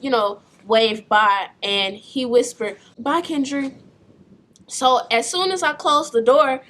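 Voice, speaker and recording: Soft-spoken young woman telling her story. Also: a little high. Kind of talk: personal story vlog.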